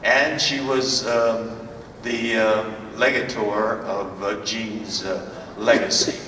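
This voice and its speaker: An older man telling stories as a convention panel guest, halting with many fillers and restarts, recorded from far off in a large hall. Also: on the low side, noisy background. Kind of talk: anecdotal storytelling. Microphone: far from the recording camera.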